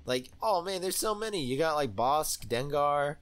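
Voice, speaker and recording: A young man giving excitable, rambling commentary while playing a video game, with many fillers. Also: fairly high pitch, normal speed. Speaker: let's play host. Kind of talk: gaming commentary.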